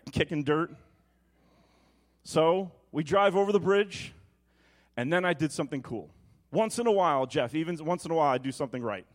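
A pastor in his thirties delivers a sermon with a personal story, his voice going low and soft for reflection, then loud and high as he recounts a family story. An animated storyteller with a lively pitch, he keeps a moderate pace with long pauses.

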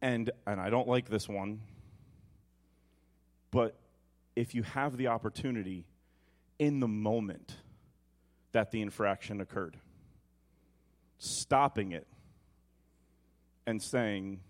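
A man in his thirties preaching a sermon, moving between quiet reflection and animated personal storytelling. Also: on the low side, slow pace, pauses often. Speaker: pastor.

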